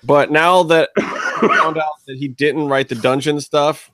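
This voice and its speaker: A man's voice: a little high, fairly even intonation, a little slow, a bit bright, no room sound, clean studio sound. A man co-hosting a wrestling podcast, laughing and teasing the others. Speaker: podcast co-host. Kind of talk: casual banter.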